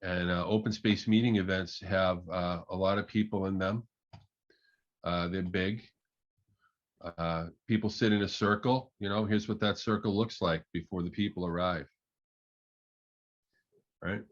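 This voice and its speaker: A man, a management consultant and keynote speaker, telling a story in a conversational, halting way with many fillers. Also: sits low, fairly even intonation. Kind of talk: storytelling talk. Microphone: online call audio. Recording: muffled online call audio.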